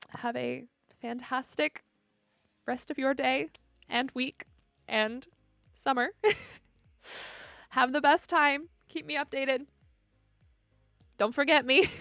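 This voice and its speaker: A young woman streamer talks straight to her chat in a casual, emotional goodbye, laughing often. Her voice sits a bit high. The mic is close and dry, with faint music underneath. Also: gravelly, a bit bright, dry recording.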